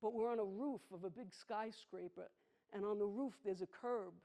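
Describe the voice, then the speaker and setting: A woman, performing a personal storytelling monologue on a theatre stage, intimate and emphatic, slowing down on heavy moments. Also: medium pitch, warm tone. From the Bronx, New York. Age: 60s. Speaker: solo performer.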